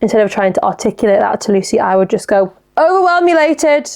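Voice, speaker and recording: Chatty young woman with gravelly fry. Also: medium pitch, little pitch movement, quick pace, mellow. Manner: chatty, giggly, reacts aloud to listener messages. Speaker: podcast host. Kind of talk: casual solo podcast chat.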